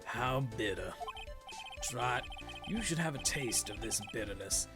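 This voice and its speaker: Man doing a cool prosecutor, brooding, dramatic pauses. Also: medium pitch, lively intonation, natural voice. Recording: game music behind the voice.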